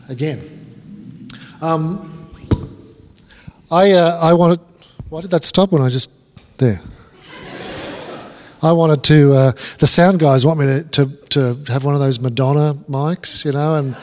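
A man with an Australian accent, a guest speaker giving a chatty, self-deprecating chapel sermon full of stories and restarts. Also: on the high side. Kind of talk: sermon with casual storytelling. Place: large chapel hall. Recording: chapel sermon with long hall reverb.

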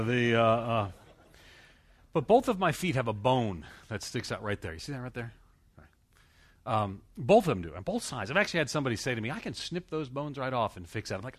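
A man's voice: mid-range voice, slightly rough. A middle-aged man from the United States preaching a sermon, telling a folksy story full of restarts and fillers.

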